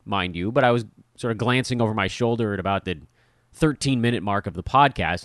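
A middle-aged man from Los Angeles hosting a casual solo podcast, telling stories in a self-deprecating, animated way. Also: medium pitch, no echo, clean studio sound. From Los Angeles, USA. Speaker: podcast host.

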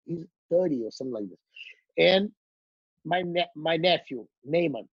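A middle-aged man from Brazil with a Brazilian Portuguese accent, telling animated stories in casual chat, often laughing and repeating words. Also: on the high side, moderate pace, husky, no echo, muffled recording. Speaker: guest. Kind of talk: casual storytelling.

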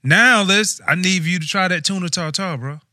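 A man co-hosting a casual chat, measured and dryly teasing. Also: high voice, sharp tone, dry recording, clean studio sound. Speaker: co-host.

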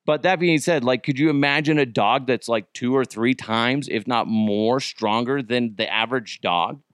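A man's voice: medium pitch, normal speed, smooth, no room sound. Rambling male podcast host, dry sound. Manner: rambling, with many restarts and asides. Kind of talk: casual comedic podcast chat.

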